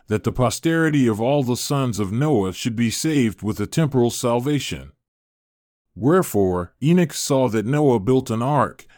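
Man reading scripture slow and solemn, dry close sound. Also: mid-range voice, a little mellow, no echo. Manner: measured, solemn. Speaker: scripture reader.

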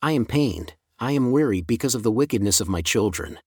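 A man's voice: medium pitch, lively intonation, a little fast, slightly rough, no echo, studio quality. A man voicing the Earth as a weary mother who laments the wickedness of her children in a solemn reading. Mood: mournful.

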